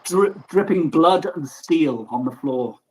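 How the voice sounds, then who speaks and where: A man from Germany hosting a casual livestream chat, animated and joking, who swears freely. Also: a little high, takes it slowly, breathy edge, rough recording. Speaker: livestream host.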